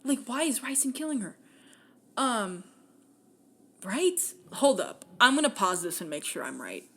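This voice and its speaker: A woman's voice: a little high, unhurried. A young woman hosting a podcast, casually retelling a fantasy novel with lots of swearing and acted-out lines. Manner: animated, acts out characters' lines, swears freely. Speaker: podcast host. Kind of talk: casual book recap.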